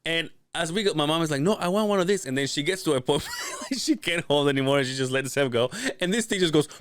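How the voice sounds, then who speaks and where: A man's voice: on the high side, lively intonation, fast talker, fairly bright tone, smooth. A man telling a funny family story on a podcast, laughing often and swearing casually. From Latin American family. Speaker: podcast guest.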